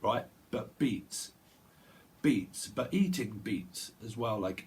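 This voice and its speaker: With a fairly low voice and a slow delivery, a tarot reader records a solo video marked by a slight hiss or hum. His monologue meanders in a stream of consciousness, full of repeated sounds and self-directed laughter.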